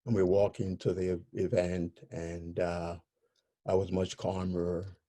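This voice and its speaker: A man speaking as an interview guest, telling personal stories in a halting way, often searching for words. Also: low-pitched, little pitch movement, warm tone.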